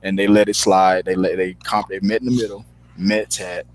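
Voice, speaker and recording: A man's voice: low voice, level tone, moderate pace, dry recording, low-quality recording. Rambling man, casual film chat. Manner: rambling, repeats words when starting sentences. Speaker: movie reviewer.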